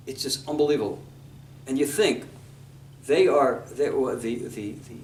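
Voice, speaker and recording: Recorded from afar in an echoey congregation hall, with a slight hiss or hum, a man preaches as a rabbi on scripture. His fairly high voice tells a story with vivid emphasis, blending English with quoted Hebrew.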